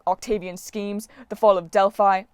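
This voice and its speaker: A woman's voice: medium pitch, flat delivery, moderate pace, clean tone, no echo, close to an everyday voice. A woman reading aloud and voicing a vain, melodramatic male sun god who wails and sulks theatrically. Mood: dramatic. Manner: wailing, theatrical, self-pitying. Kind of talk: audiobook character voice.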